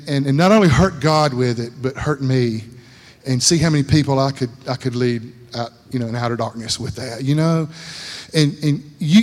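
A man preaching a folksy sermon, rambling and repeating words, laughing at himself and acting out voices in his stories. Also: medium pitch. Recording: long hall reverb.

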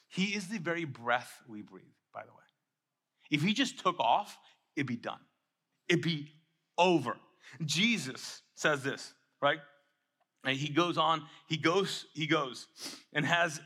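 A male pastor delivering a sermon in a fairly high, bright voice. He acts out the quotes in lively voices, then sinks into a quiet, intimate tone to speak to the congregation. His delivery is casual and energetic. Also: moderate pace. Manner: animated, acts out quotes, drops to soft intimate tone. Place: church.

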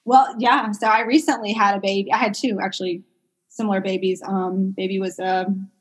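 A woman's voice: mid-range voice, normal speed, breathy edge, faint music behind, rough recording. A young adult woman, a pediatric speech therapist, talking casually as an interview guest, chatty with many fillers. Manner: chatty, many fillers, animated retelling of stories. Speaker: pediatric medical speech-language pathologist, guest.

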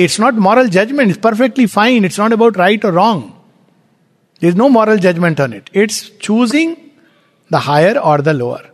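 A man with an Indian English accent giving a spiritual lecture, animated and explanatory, posing rhetorical questions. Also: high-pitched. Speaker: spiritual teacher. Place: lecture hall at a centre. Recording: long hall reverb.

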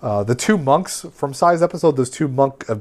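A man's voice: mid-range voice, lively intonation, normal speed, a little mellow. A man with an ordinary mid-range voice talks through an episode recap in a loose, rambling way. He leans on fillers and restarts as he goes. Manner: rambling, filler-heavy summarizing. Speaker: podcast co-host recapping an anime. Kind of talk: casual recap chat.

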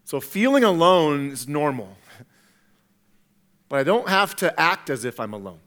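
Earnest high-voiced male pastor. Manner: earnest, swings from loud to hushed, repeats words. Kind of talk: sermon.

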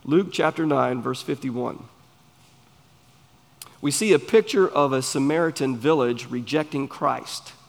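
A man with a Southern US accent, preaching a sermon in an earnest, emphatic way with pauses between phrases. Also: medium pitch, creaky. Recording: long hall reverb.

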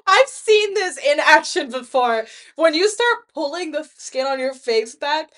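Young woman cohost, really high voice, giggly, always cracking jokes. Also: animated, unhurried, a bit bright. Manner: giggly, joking, chimes in with quips. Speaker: podcast co-host. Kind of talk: casual chat.

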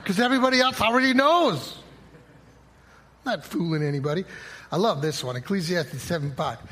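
High-voiced man preaching a sermon. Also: animated, moderate pace, long pauses, sharp tone. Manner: conversational preaching, quoting scripture, acting out dialogue. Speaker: pastor.

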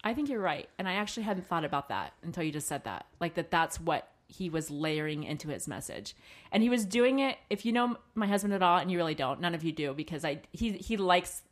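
A middle-aged woman with a fairly low voice, talking candidly in a relaxed podcast chat. She tells a personal story at an easy conversational pace and slips into quoting what her husband said. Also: a little fast. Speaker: podcast co-host. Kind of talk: casual chat.

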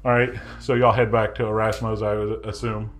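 A man narrating a tabletop game as game master, relaxed and chatty with many fillers. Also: lowish voice, fairly quick, soft background music.

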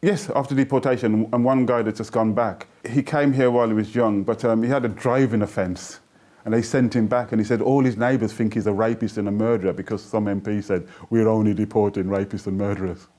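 A man's voice: on the low side, steady tone, fairly quick, darkish tone. A middle-aged man, a poet and interview guest, telling stories earnestly and reciting his own verse. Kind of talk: interview conversation.

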